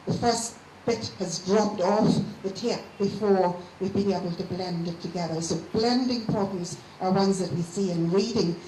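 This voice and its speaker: A woman lecturing to a class of teachers. She explains patiently and slows down to sound out the parts of words. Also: medium pitch, a little mellow. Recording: echoey room with faint hiss.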